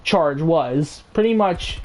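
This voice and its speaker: A woman's voice: low-pitched, lively intonation, slow. A woman casually telling a rambling, filler-heavy story while playing a video game. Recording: game noise with gunfire behind.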